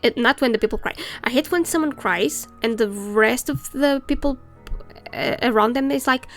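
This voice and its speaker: Gravelly-voiced woman chatting over a game. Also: sits high, lively intonation, normal speed, soft background music. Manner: chatty, ranting, reads game text aloud. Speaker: let's play streamer. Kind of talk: casual game commentary.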